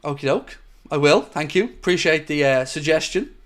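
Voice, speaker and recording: A man's voice: fairly high pitch, lively intonation, normal speed, fairly bright tone. An Irish man hosting a football watchalong stream, chatting casually and reading out viewer comments. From Ireland. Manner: chatty and jokey, calls viewers mate.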